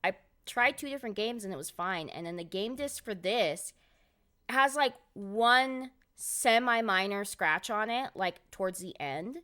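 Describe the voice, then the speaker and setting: A woman's voice: medium pitch, expressive, measured pace, sharp tone. A woman game streamer chatting casually on a live stream, rambling and swearing as she vents her exasperation. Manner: profane, rambling, exasperated venting.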